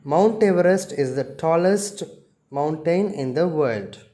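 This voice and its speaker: A male school teacher with an Indian English accent, leading a slow, careful revision lesson and explaining word meanings one by one. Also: fairly high pitch, expressive, warm tone.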